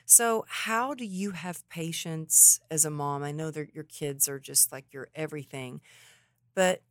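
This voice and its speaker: A woman hosting a podcast, chatting casually and telling animated stories about her family. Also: low-pitched, unhurried, no room sound, studio quality. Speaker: podcast host. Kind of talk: casual interview chat.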